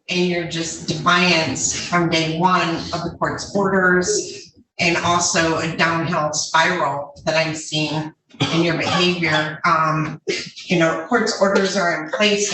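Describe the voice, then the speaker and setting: A woman's voice: low voice, pushed and bright, slight background noise. A woman judge speaking firmly and steadily in a court hearing. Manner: firm, measured, with fillers. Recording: echoey distant courtroom audio.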